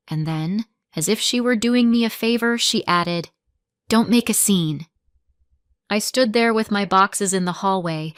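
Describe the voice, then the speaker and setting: A woman narrating a first-person dramatic story, earnest and quietly tense, on a close mic. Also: lowish voice, smooth, no room sound.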